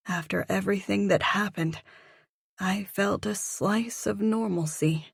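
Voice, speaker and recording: A woman narrating an audiobook in first person, reading slowly and reflectively. Her voice is somewhat low, recorded close and dry. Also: no echo. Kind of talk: scripted narration.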